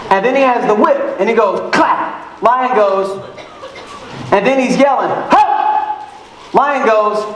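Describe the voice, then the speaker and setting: A man giving an energetic motivational talk on stage at an event, calling out to the crowd and acting out little scenes with sound effects. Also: very high-pitched, slight background noise. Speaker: motivational speaker. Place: large event hall. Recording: very echoey hall.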